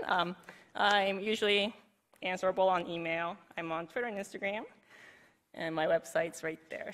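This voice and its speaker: A woman's voice: lowish voice, fairly even intonation, moderate pace, fairly bright tone. A woman giving a conference presentation in a chatty, casual way, filling her sentences with "like" and laughing easily. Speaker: conference speaker. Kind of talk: recorded presentation talk.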